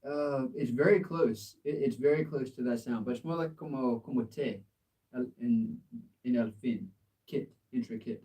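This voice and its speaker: A man's voice: mid-range voice, animated, moderate pace, mellow, recorded from a distance, low-quality recording. An American man giving a casual live English lesson, patiently correcting a learner's pronunciation with encouragement and frequent laughs. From United States. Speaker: English tutor. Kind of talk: live language exchange lesson.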